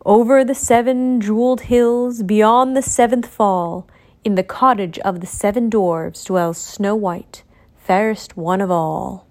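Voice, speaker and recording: A woman's voice: mid-range voice, steady tone, darkish tone, natural voice. A woman reading a solemn magic mirror. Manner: slow and measured.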